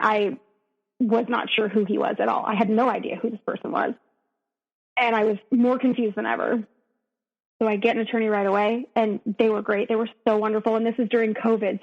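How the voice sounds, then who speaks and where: A woman, a podcast guest, retelling a painful personal story with emotion, often halting and restarting. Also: a little high, long reverb tail, muffled recording.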